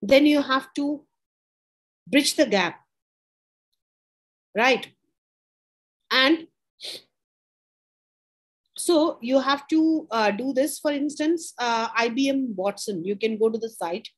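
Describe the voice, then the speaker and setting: A woman teaching an informal lesson, explaining in short repeated phrases, checking in with "right?" and pausing on "uh". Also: sits high, expressive, low-quality recording. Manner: pauses with frequent "uh". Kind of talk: informal lecture.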